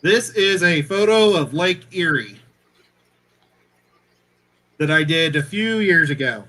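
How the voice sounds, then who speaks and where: A man's voice: on the high side, expressive, slow, bright, forceful tone. A man chatting as a guest on a casual livestream, giggly and a bit scattered.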